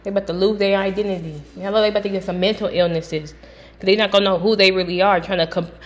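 A woman giving a casual tarot reading from home, blunt and profane, breaking into loud sudden outbursts. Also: mid-range voice, steady tone, quick pace. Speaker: tarot reader.

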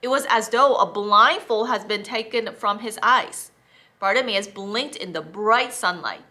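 A woman teaching children, reading a Bible story in an expressive, animated way. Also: mid-range voice, measured pace.

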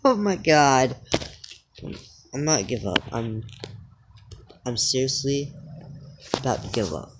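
A woman's voice: rumbling low, very animated, takes it slowly, pauses often, noisy background. Exasperated teen girl muttering over a game. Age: teens. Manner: exasperated, muttering, sudden outbursts. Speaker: gamer. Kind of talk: frustrated gameplay commentary.

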